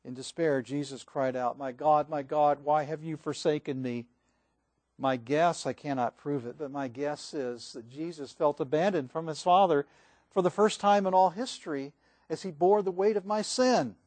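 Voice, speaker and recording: A male pastor preaching a sermon, reading scripture aloud and moving between swelling emphasis and hushed passages. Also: a little high, normal speed, no room sound.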